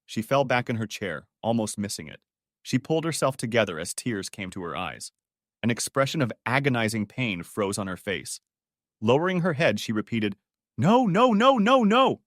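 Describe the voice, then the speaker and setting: A man's voice: on the low side, lively intonation, normal speed, no echo, clean studio sound. A man narrating a dramatic family story as an audiobook, reading expressively.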